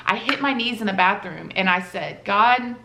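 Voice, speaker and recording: A woman's voice: mid-range voice, expressive, brisk, creaky, sharp tone. Woman, personal storytime vlog, casual and heartfelt, roomy echo. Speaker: vlogger. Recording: roomy echoey room.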